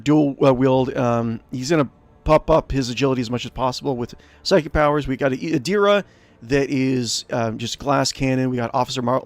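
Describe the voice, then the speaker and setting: Animated rambling game streamer, man. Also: medium pitch, no room sound. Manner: rambling, animated, lots of fillers. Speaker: let's play host. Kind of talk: game commentary.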